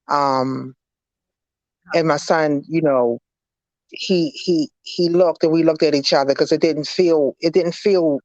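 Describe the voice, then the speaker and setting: A woman speaks as an interview guest, telling her own story in earnest, halting testimony. Her words lean on faith. The recording is dry and slightly dull, with a lo-fi edge. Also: sits low, a little mellow, no echo.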